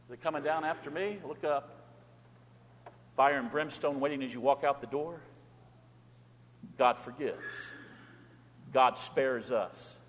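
High-voiced pastor preaching in a reverberant hall. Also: male voice. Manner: animated preaching with dramatic quiet drops. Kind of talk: sermon.

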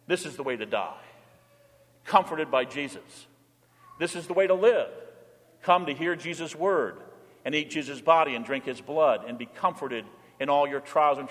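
Preaching man in a reverberant hall. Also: a little high. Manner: emphatic preaching, swinging between forceful and hushed. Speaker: pastor. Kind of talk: sermon.

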